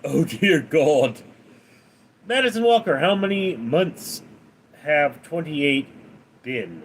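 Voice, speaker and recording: A man's voice: slow, slightly rough. Man reading out stream chat, singsong. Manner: reads donor names and questions aloud in a lively raised voice, then answers flat and low. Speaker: livestream host reading chat. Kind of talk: casual livestream Q&A.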